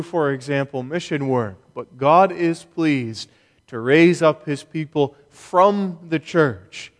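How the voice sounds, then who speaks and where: A pastor preaching a Sunday sermon, measured and emphatic, with deliberate pauses. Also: male voice, a little high. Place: church. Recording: long reverb of a church hall.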